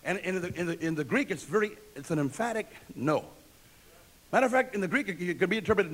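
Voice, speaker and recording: A man's voice: high-pitched, animated, fairly quick. A male pastor preaching a sermon, emphatic and repetitive, asking the congregation questions and answering them himself.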